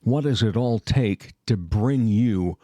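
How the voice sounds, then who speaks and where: Low-voiced, relaxed male podcast host. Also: takes it slowly, dry recording, clean studio sound. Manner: relaxed, encouraging, chatty reminiscing. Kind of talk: casual interview chat.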